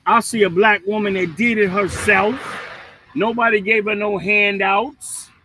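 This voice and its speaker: Blunt, high-pitched man ranting. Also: a little slow, slight background noise, low-quality recording. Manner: blunt, profane and mocking; lively, with swings between loud and quiet. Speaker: livestream host. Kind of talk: heated livestream rant.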